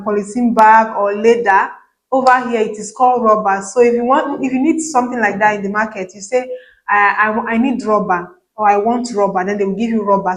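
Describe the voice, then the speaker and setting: A woman with a Nigerian accent talks casually to her viewers. Her voice sits a little high and carries some echo from the room around her. She is lively and mixes in Pidgin phrases. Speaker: vlogger. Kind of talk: casual chat.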